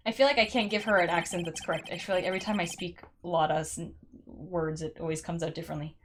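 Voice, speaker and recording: A young adult woman giving playful, excitable commentary while playing a game. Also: fairly low pitch, quick pace, faint music behind. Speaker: let's play gamer.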